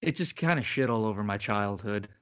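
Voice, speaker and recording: A man's voice: lowish voice, expressive, a little fast, a bit bright, smooth. A man co-hosting a podcast in casual chat, rambling and laughing often, slipping into mock accents. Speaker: podcast co-host. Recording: dull lo-fi sound.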